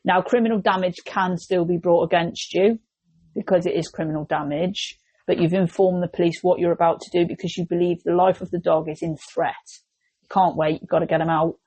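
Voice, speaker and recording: English woman host, casual podcast chat, animated and talkative, dry close sound. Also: on the low side, fairly quick, breathy edge, no echo. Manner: chatty, animated, jumps into quoted voices.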